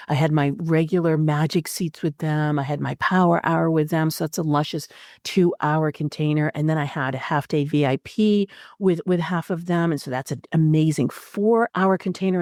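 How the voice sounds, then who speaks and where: A woman hosts an astrology podcast and talks through spiritual guidance in an expressive way, with frequent fillers. Her voice is low and mellow, recorded close and dry. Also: dry recording.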